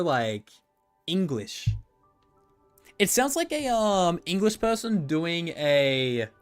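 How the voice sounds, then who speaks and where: A man streaming about gacha games in a casual, rambling way, joking and swearing freely. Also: on the high side. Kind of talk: casual livestream commentary. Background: faint background music.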